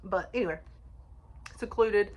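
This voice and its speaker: A woman's voice: medium pitch, a little slow, a little mellow. A woman chatting casually about books she read, talking in a rambling way with many restarts and small laughs. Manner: chatty, frequent restarts and fillers, laughs often. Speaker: book reviewer. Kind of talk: casual book review chat.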